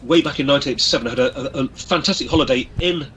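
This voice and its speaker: A man's voice: medium pitch, very fast, a bit bright, rough recording. An Englishman with an English accent, chatting jovially on a radio show, addressing listeners as folks and stumbling over his restarts. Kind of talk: casual radio chat.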